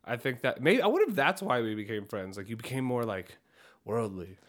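Joking man co-host on a casual podcast, swears easily, quick to laugh. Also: medium pitch, lively intonation. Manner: loose and joking, swears freely, laughs often. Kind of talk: casual chat.

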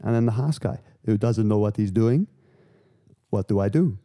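A man hosting a podcast, rambling through casual, sweary, animated rants. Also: on the low side, normal speed. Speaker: podcast host. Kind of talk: casual chat.

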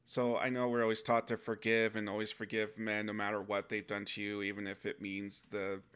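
A man's voice: on the low side, monotone, brisk, a bit bright, clean tone. A man giving an earnest, rambling talk about faith, often restarting his sentences.

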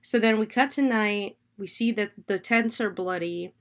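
A woman's voice: medium pitch, moderate pace. A woman casually recapping and reviewing a horror film. She talks loosely, with lots of "like" and "um", and swears now and then for emphasis.

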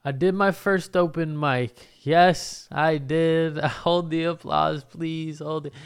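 A man's voice: fairly high pitch, fairly even intonation, takes it slowly, gravelly, few pauses, clear, resonant tone. A young man hosting a solo podcast from his apartment, rambling in a laid-back, profane, self-mocking way. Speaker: podcast host. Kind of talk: casual solo podcast chat. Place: home apartment.

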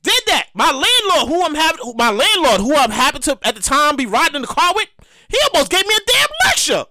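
A man's voice: extremely high pitch, fast talker, no echo. A young man hosting a show, delivering a rambling, profane, comedic rant. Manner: rambling, repetitive, profane, excitable. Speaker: podcast host.

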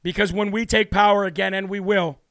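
A man's voice: high-pitched, little pitch movement, fairly quick. A man hosting a political talk show, delivering a brash, combative monologue, openly worked up and hammering his points with repeated declarations. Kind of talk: heated political commentary monologue.

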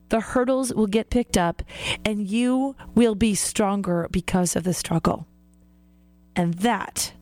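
A woman's voice: mid-range voice, a little mellow. Earnest woman radio host, encouraging. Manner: earnest and encouraging, laughs often. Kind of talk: faith-based encouragement talk.

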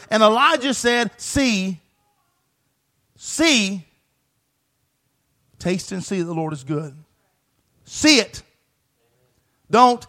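A man with a high, bright-sounding voice preaching a sermon from the pulpit. He reads scripture aloud, asks his listeners questions, and keeps building to shouted refrains that repeat the same words. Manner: preaches with rising, shouted emphasis and repeated phrases.

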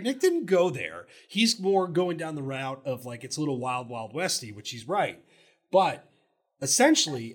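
A man co-hosting a sports podcast, talking loosely and animatedly about college football. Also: medium pitch. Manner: animated, loose, fast talking with many restarts. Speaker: podcast co-host. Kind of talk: casual sports talk.

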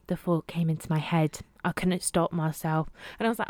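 A woman co-hosting a podcast, telling stories in an animated way, swearing casually and laughing along. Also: lowish voice, a little fast, dry recording. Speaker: podcast co-host. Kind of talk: casual chat.

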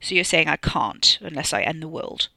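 A storyteller playing a jittery young man who keeps getting pushed around, his voice rising with agitation. The read is bright and close on a dry mic in this audiobook. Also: medium pitch, lively intonation, normal speed, vocal fry, no echo, heavily acted. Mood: anxious. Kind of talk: audiobook character voice.

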